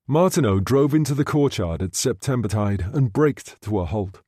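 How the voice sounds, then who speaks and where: Steady, dark-voiced male narrator. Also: medium pitch, moderate pace, hardly any pauses, slightly rough, dry recording, clean studio sound. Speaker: audiobook narrator. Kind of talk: scripted narration.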